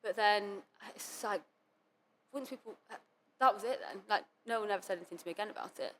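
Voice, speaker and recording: A young adult woman speaking as a podcast guest, telling her story candidly in quick run-on sentences full of "like". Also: mid-range voice, a bit bright, a little hiss or hum. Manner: fast, run-on speech full of "like" and quoted self-talk. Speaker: podcast guest, competitive cheerleader. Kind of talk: candid interview talk.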